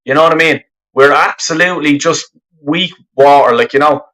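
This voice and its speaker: Furious and swearing heavily, a man hosting a live football fan stream rambles on through his list of complaints as the channel's host. He speaks fairly quickly in a voice on the high side, pushed and bright, and the webcam mic gives poor audio.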